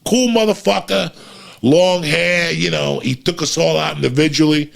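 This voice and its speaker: A man telling a profane, animated story and acting out the voices of the people in it. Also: fairly high pitch, normal speed, creaky. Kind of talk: casual storytelling.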